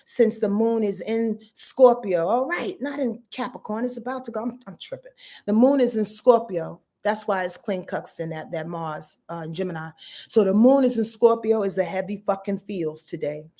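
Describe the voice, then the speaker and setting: A woman's voice: medium pitch, a little mellow. A woman giving a casual live astrology rundown as host of her channel. She talks to her viewers in a blunt, profane, emphatic way and answers their comments as she goes.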